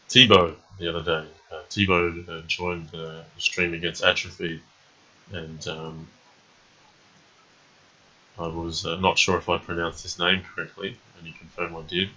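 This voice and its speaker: A man talks through his moves in a low, husky voice with a forceful edge. He commentates live in a steady, measured way and often pauses on an "um". The stream audio sounds dull and lo-fi. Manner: thinking aloud, calm and measured, frequent ums and uhs. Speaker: chess streamer.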